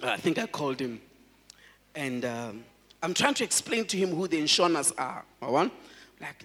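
A man, a pastor, preaching a sermon in an animated way, laughing often and calling out to his congregation. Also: sits high, moderate pace, long pauses, long reverb tail.

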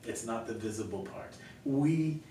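A male pastor talking earnestly in a conversational Q&A, telling stories with gentle laughs. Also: lively intonation, measured pace. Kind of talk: conversational Q&A teaching. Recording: echoey room, mic far off, faint rumble.

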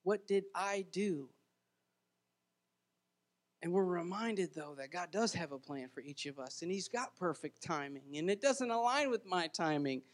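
A pastor delivers a sermon in a high, light voice. He talks earnestly and conversationally, often restarting a phrase before going on. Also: expressive, moderate pace, hardly any pauses.

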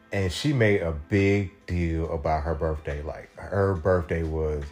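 Here a young man hosts a podcast, spinning a long, swear-laden tale in a relaxed monologue. Fillers crop up constantly, and he voices the people he quotes with dramatic jumps in pitch.

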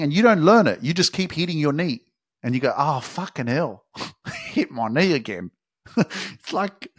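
A man's voice: medium pitch, no echo, studio quality. A man hosting a motivational podcast, talking emphatically and swearing freely as he preaches self-belief. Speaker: podcast host.

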